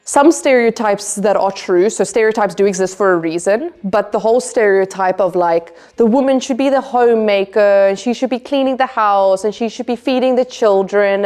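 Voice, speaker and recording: A woman's voice: medium pitch, a little mellow. A woman from Africa, answering interview questions in an earnest, emphatic way and often repeating her main points. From South Africa. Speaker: interview guest, tech developer.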